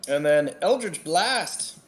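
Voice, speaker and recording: A man playing a tabletop game, planning his character's turn slowly and deliberately. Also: a little high, expressive. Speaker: player.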